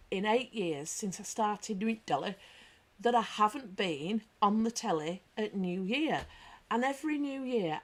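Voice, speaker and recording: A British woman hosts a live stream in a chatty, bantering way. She reads out viewer comments as she goes. She tells anecdotes with lively storytelling at a middle pitch. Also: slightly rough. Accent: British English. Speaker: livestream host. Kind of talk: casual live chat.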